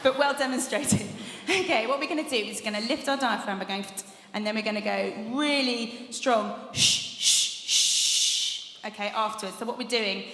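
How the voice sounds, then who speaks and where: A woman's voice: on the high side, a little fast, few pauses, fairly bright tone. Young woman coaching singers, chatty and upbeat, big echoey hall with long reverb. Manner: chatty, encouraging, laughs often, demonstrates sounds. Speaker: vocal coach leading a workshop. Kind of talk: live masterclass teaching. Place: large conference hall.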